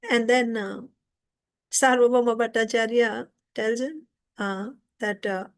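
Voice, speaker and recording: A woman's voice: on the high side, fairly even intonation, unhurried. A woman teaching an informal scripture class, retelling a story conversationally and stopping to explain.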